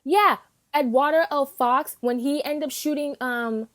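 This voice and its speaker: A high-pitched woman rants casually and off the cuff about an anime, swearing a lot. She's animated and emphatic, acting out her reactions in quick bursts.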